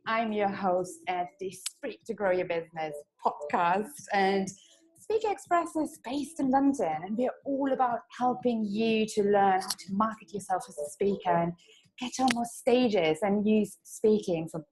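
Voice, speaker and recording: A woman's voice: mid-range voice, darkish tone, rough recording. Bubbly woman podcast host. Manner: bubbly and enthusiastic, laughs easily. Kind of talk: casual podcast interview.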